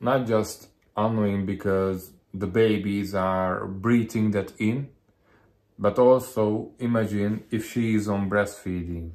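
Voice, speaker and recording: A man co-hosting a casual vlog, adding slow, measured remarks. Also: lowish voice, steady tone, a little mellow. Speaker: co-host, husband. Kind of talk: casual chat.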